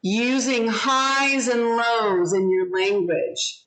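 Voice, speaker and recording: A woman teaching a class over a video call, slow and deliberate as she explains and models pronunciation. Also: fairly high pitch, fairly bright tone, poor audio. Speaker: English teacher.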